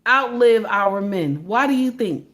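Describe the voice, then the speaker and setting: A woman's voice: medium pitch, expressive, measured pace. A woman giving a preachy commentary monologue, firing rhetorical questions at her listeners and calling them her sisters. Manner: emphatic, asks rhetorical questions of her audience; addresses listeners as sisters, sermon-like. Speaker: online commentator.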